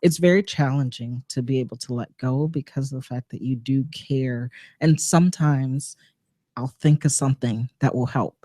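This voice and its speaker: A woman's voice: rumbling low, moderate pace, mellow, dry recording, clean studio sound. A woman guest on a community radio talk show, speaking frankly and earnestly about her work and self-care, laughing along with the host. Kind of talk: casual interview chat. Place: radio studio.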